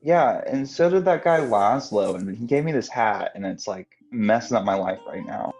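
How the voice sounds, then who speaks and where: A man's voice: fairly low pitch, lively intonation, normal speed, a little mellow, husky, soft background music. A man joking around in a casual live stream chat, playful.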